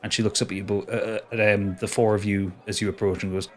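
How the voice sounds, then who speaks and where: A man's voice: lowish voice, little pitch movement, fast talker, hardly any pauses, some chatter behind. A man narrating as game master for a tabletop game, often restarting his words and swearing casually.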